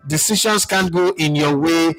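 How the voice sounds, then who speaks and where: This Nigerian-accented football show host has a slightly high, fairly bright voice at a moderate pace, heard on a rough recording. During his casual live-stream chat he reads viewer comments and mixes Pidgin into his English.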